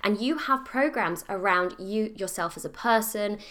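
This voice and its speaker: A woman's voice: mid-range voice, moderate pace, a bit bright. A woman hosting her own podcast, talking casually and upbeat, sometimes acting out her own past thoughts. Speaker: podcast host. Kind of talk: casual solo podcast talk.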